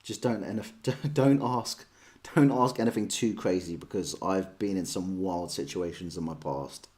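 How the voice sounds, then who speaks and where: Speaking a little slowly in a low, darkish voice, an English chess streamer chats casually with his viewers. He rambles through their questions in a self-deprecating way.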